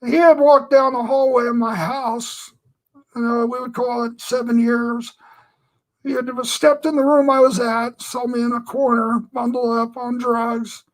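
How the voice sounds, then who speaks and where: Poor audio carries a Christian man's earnest testimony, delivered a little slowly in a very high-pitched, level voice. He tells his story meanderingly, leaning on plenty of filler phrases.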